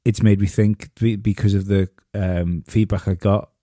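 Man, podcast host, low mellow voice, dry close sound, rambling with restarts. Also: level tone, normal speed, no echo. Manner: rambling storyteller with many restarts. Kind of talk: casual podcast chat.

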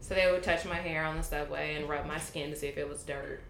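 Animated American woman telling a story. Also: deep voice, fast, creaky, roomy sound, slight background noise. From United States. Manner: animated, acts out quoted people. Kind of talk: casual storytelling.

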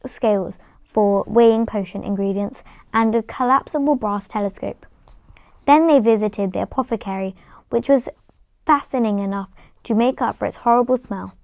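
A woman's voice: fairly high pitch, dry recording. Woman narrator reading a book aloud; unpolished, occasional restarts, dry close recording. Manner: plain storytelling with occasional stumbles and restarts. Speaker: reader.

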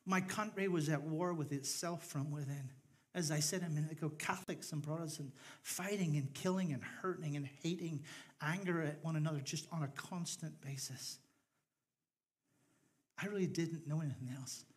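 A man's voice: on the high side, moderate pace. A middle-aged man from Northern Ireland with a Northern Irish accent, preaching a sermon with humorous stories that build into a fervent appeal. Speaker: pastor.

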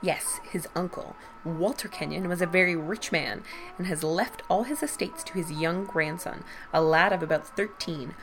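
A woman voicing a man, the narrator's concerned brother, gently insistent and chatty about gossip, in a low, gravelly voice. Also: moderate pace, music in the background, natural voice.

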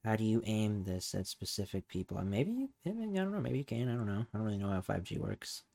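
A man hosting a casual podcast chat. He talks in a low voice, rambles, hesitates and often trails off before he finishes a thought. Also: steady tone, quick pace, creaky, mellow. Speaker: podcast host.

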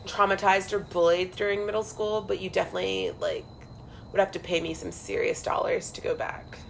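A young woman hosting a podcast, chatting casually and animatedly. She acts out what people said, swears a lot, and keeps her pitch in a middle range. A faint noise sits under her voice. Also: a little fast, creaky, poor audio. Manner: animated storyteller who acts out quotes and swears freely. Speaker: podcast co-host. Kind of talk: casual chat.

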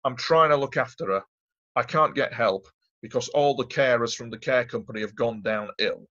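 A man in middle pitch tells his story as an interview guest, rambling and emphatic and circling back on his own words. The audio is dull and lo-fi, with the top end muffled. He talks casually, as if chatting with a mate. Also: moderate pace, a bit bright. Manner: rambling, emphatic, repeats himself.

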